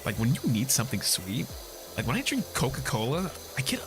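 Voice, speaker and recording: A young man chatting casually while streaming a game, excitable and profane, laughing often and bursting into shouts. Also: medium pitch, fairly quick, background noise. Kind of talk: casual gameplay stream chat. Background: game music.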